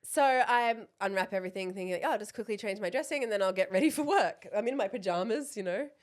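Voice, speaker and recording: An Australian woman in her thirties, a podcast co-host telling a story in casual chat, animated and swearing freely, acting out the dialogue. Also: mid-range voice, quick pace.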